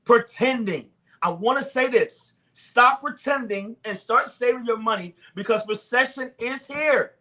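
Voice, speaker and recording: High-voiced fervent man preaching. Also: a little slow, pushed and bright. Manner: fervent, repetitive, preaching cadence. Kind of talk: sermon-style talk to the camera.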